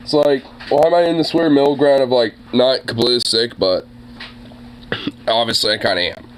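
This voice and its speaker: A man's voice: mid-range voice, steady tone, normal speed, a little hiss or hum, low-quality recording. A young man with a sore throat, chatting casually as a podcast host, rambling with lots of fillers and swearing. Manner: rambling, filler-heavy, profane. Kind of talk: casual chat reacting to videos.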